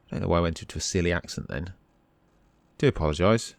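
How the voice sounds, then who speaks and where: Deep-voiced man reading game text. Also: quick pace, gravelly, no room sound. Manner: dry asides, reads on-screen text in a steady voice. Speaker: let's play host.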